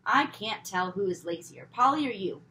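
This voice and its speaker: A woman's voice: medium pitch, expressive, normal speed, slight background noise. A woman doing a stern, nagging mother. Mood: scolding. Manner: sharp, nagging, loud. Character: stern scolding mother, grumbling, strict.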